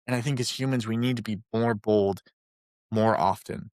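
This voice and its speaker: A man co-hosting a podcast in a chatty, playful way, putting on silly high voices for jokes. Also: fairly even intonation, normal speed, a little mellow, dry recording, clean studio sound. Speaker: podcast co-host. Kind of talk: casual podcast chat.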